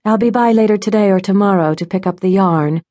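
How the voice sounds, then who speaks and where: A woman's voice: medium pitch, brisk, dark tone, no room sound, studio quality, pitched above the performer's own voice, natural voice. A woman voicing an anxious young saleswoman with forced cheer.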